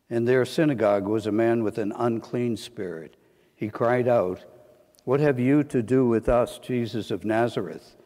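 A clergyman reading the Gospel aloud at Mass in a measured, formal proclamation. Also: mid-range voice, darkish tone. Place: church. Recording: long church reverb.

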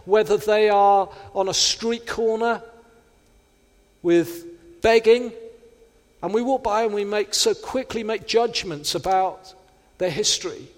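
A man preaching a sermon, earnest and direct, now and then slipping into little acted-out inner voices. His voice sits high for a man. The sound rings out with a long reverb, as in a large hall. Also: slow, pauses often.

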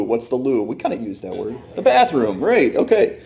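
A man's voice: mid-range voice, wildly swooping pitch, normal speed, creaky, darkish tone. A man preaching a sermon, playfully asking his congregation questions and joking with them. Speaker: pastor. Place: church in front of a congregation.

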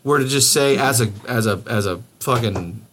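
A man's voice: mid-range voice, moderate pace, a bit bright, slight background noise. A man co-hosting a podcast in casual banter, rambling and joking, swearing freely. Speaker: podcast co-host.

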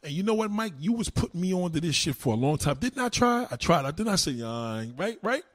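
A man ranting to a live chat as a streamer, loud, heated and profane. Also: high voice, animated, quick pace, dry recording, studio quality. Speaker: online streamer.

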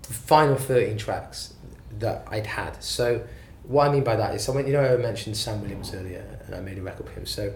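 A man's voice: lowish voice, brisk, hardly any pauses, darkish tone, slight background noise. A man who is a singer-songwriter, telling his story in a rambling, self-deprecating way during a casual interview. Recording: roomy echo, faint ambience.

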